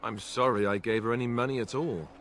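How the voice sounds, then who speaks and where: An actor playing an earnest young warrior in a video game, hesitant and stammering. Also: male voice, mid-range voice, fast, fairly bright tone, lightly acted. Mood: dejected. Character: earnest young prince-warrior, awkward and hurt.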